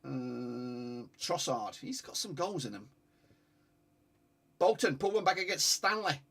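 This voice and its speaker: A man streaming a live football watch-along, reacting excitably, swearing and urging viewers to like and subscribe. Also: mid-range voice, slow, creaky, slightly rough.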